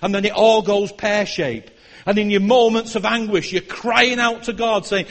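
High-voiced older man preaching. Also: expressive, normal speed. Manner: impassioned, swinging from loud declarations to hushed prayer. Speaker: guest preacher. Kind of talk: sermon.

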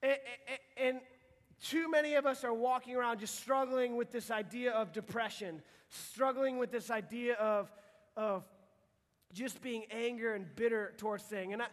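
Young male youth pastor, very high voice, earnest casual sermon, long hall reverb. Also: moderate pace. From United States. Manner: casual, earnest, frequent restarts. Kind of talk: sermon to teenagers.

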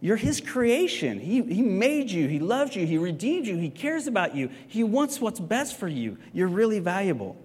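A man teaching a sermon in a casual, conversational way, often checking in with the listeners with quick tag questions. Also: high voice, very animated, a little mellow, husky, long reverb tail. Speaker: pastor teaching a Bible class. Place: stage in a large hall.

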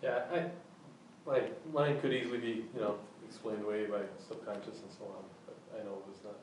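A man from a church class sharing a personal story in a hesitant, halting way, with many restarts. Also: lowish voice. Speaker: class member. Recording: distant mic in an echoey room, faint noise.

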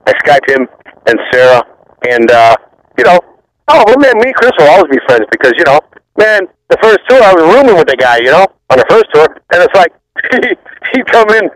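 A man in his fifties, a former rock bassist, rambling through profane backstage stories and laughing often. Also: sing-song, brisk, a bit bright, no echo, poor audio. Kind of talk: casual interview storytelling.

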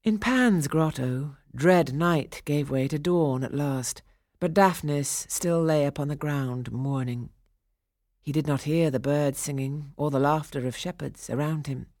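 A woman narrating a storybook audiobook in a slow, expressive, dramatic reading. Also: low voice, dry recording, studio quality.

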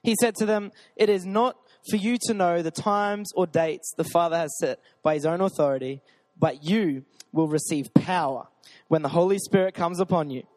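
A young man with a notably high voice delivers a sermon at a church gathering. He is casual and joking, reads scripture aloud, then spurs the crowd with "come on.". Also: moderate pace, a little mellow. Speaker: pastor.

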